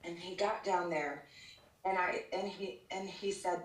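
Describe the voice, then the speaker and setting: A woman's voice: lowish voice, steady tone, measured pace. A woman guest on a live church show, telling her life testimony in an earnest, storytelling way with fillers and restarts. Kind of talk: casual spoken testimony. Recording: roomy sound from a distance over a call.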